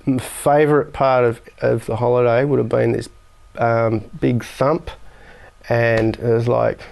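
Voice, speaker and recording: An Australian man as an interview guest, talking in a measured, matter-of-fact way. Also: medium pitch, flat delivery, creaky, a little mellow. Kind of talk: casual chat.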